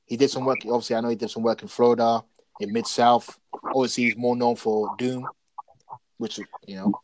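A man talking casually about wrestling as a podcast co-host, telling stories in an animated, excitable way. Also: medium pitch, fairly quick, a little hiss or hum, poor audio.

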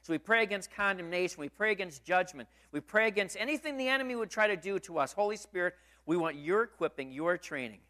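A man's voice: a little high, sharp tone. A male pastor preaching a sermon in church, emphatic and full of rhetorical questions.

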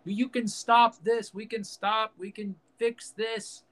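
Casting: a man putting on an earnest male Jedi, pleading, pitched well above his own talk. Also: little pitch movement, slow pace, a bit bright.

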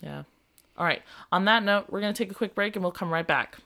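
A woman's voice: medium pitch, fairly quick, gravelly, bright, forceful tone. A young adult woman hosting a casual podcast, telling earnest stories and laughing easily. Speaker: podcast host and music teacher.

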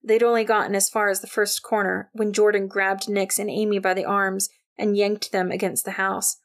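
Woman reading an audiobook, wry storyteller, gravelly fry in her voice. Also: medium pitch, flat delivery, moderate pace. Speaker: narrator. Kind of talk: audiobook narration.

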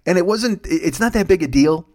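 Fast-talking, foul-mouthed man in his fifties. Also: high-pitched, lively intonation, darkish tone. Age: 50s. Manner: heavy swearing, self-mocking; digressive storytelling. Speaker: comedian podcast host. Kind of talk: rambling comedic monologue.

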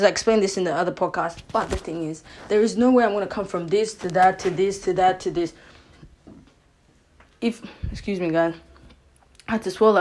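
A young woman hosts her own podcast and talks straight to her listeners about dating, firm and opinionated, often checking in with "you know what I'm saying". Her voice is mellow and warm rather than bright, and her chat is loose and animated. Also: medium pitch. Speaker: podcast host. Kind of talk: casual relationship-advice monologue.

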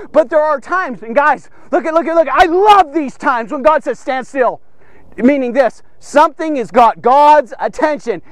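Fervent high-voiced man preaching. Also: no echo. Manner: fervent, repeats phrases, addresses listeners as guys. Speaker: devotional preacher. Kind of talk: energetic devotional sermon.

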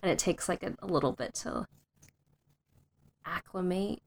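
A woman's voice: fairly low pitch, expressive, moderate pace, vocal fry, a little hiss or hum. A young woman from the United States, chatting casually and animatedly, with frequent fillers and laughter at her own stories. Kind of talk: casual chat.

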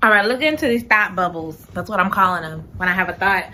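Bright, chatty woman podcast host. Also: medium pitch, quick pace. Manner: chatty, animated, laughs at her own slips. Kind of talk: casual chat and book reading.

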